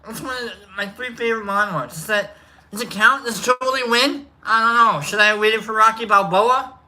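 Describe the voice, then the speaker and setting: A man's voice: high voice, fairly quick, sharp tone. A man hosting a casual livestream, chatting in a rambling, self-correcting way. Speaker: livestream host.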